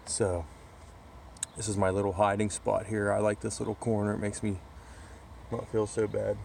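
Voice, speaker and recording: A man's voice: on the low side, little pitch movement, moderate pace, creaky, darkish tone, a little hiss or hum. Rambling man chatting outdoors. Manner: rambling storyteller with many restarts. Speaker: vlogger. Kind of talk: casual chat. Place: outdoors in a backyard corner.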